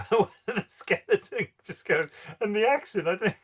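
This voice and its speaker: A man's voice: high voice, expressive, normal speed, husky. A man, co-hosting a casual film podcast and laughing as he retells favourite scenes. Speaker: podcast co-host.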